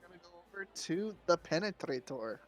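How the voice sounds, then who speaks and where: A man running a tabletop game as game master, relaxed and often laughing. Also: high-pitched, fairly quick, faint music behind.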